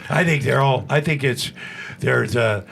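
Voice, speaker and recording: A man's voice: medium pitch, measured pace, creaky, a bit bright, a little hiss or hum. A man in his sixties, a podcast guest, telling long rambling stories with restarts and acted-out quotes. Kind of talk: casual storytelling.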